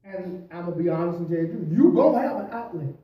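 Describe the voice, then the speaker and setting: A man, a pastor, preaching at a Bible study, swinging between loud emphasis and quiet asides, often adding "praise the Lord" and "hallelujah". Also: high-pitched, animated, fast talker, dull audio. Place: church. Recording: echoey church from a distant mic.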